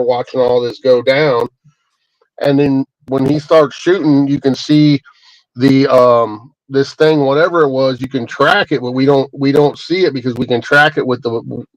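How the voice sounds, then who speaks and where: A man's voice: medium pitch, dry recording, rough recording. A man telling a story in a rambling, folksy way, with many restarts and fillers, recorded close to a camera mic. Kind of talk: casual first-person storytelling.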